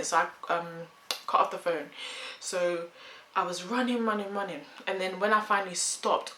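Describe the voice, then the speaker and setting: Young woman, low voice, animated storytime vlog; roomy echo, faint hum. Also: fairly quick. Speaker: vlogger. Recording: echoey room, faint hum.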